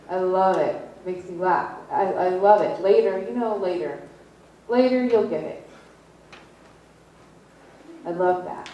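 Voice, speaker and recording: A woman preaching a sermon, retelling a story slowly with repetition and pointed questions to the congregation. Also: lowish voice, dark tone, slight background noise. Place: church. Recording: echoey room, distant mic.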